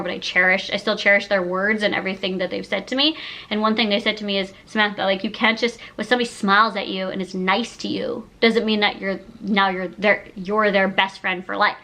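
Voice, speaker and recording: In a rough recording, a woman around thirty gushes emotionally to the camera during a casual sit-down YouTube chat, saying "like" constantly. Her voice has a medium pitch with a bright, forceful tone.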